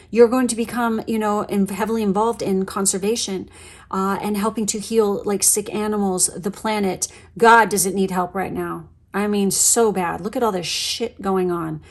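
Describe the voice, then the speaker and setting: Earnest woman giving a tarot reading. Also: medium pitch. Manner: earnest, encouraging, with frequent "okay?" and casual swearing. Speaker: tarot reader. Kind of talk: pick-a-card tarot reading.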